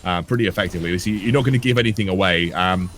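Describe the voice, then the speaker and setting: A man's voice: sits low, very fast, a bit bright, a little hiss or hum. A man giving esports color commentary, rambling and analytical with frequent restarts. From England. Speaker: color caster.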